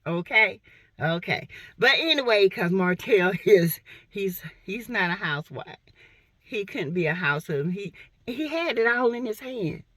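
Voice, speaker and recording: A woman's voice: medium pitch, fairly bright tone, no room sound. A woman from South Carolina giving blunt, sassy gossip commentary on reality TV. She talks to her viewers in a playful, exclamatory way.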